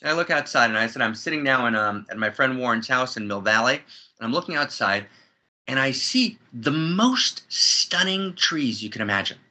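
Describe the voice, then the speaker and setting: A man's voice: medium pitch, expressive, moderate pace, pushed and bright. A man speaking as an interview guest in a spiritual conversation, effusive and building to soaring emphatic peaks, talking from a friend's house.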